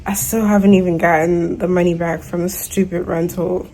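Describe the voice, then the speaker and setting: A woman's voice: fairly low pitch, flat delivery, normal speed, warm tone, slight background noise, poor audio. A young woman venting in a casual video diary, stressed and worn out, exasperated and slangy as she talks to her camera at home. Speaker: vlogger.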